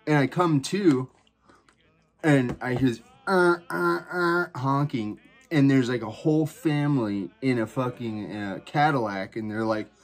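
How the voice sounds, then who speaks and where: A man's voice: mid-range voice, measured pace. A man hosting a podcast, telling a personal story in a rambling, profane way full of fillers and restarts. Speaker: podcast host. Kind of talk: casual storytelling.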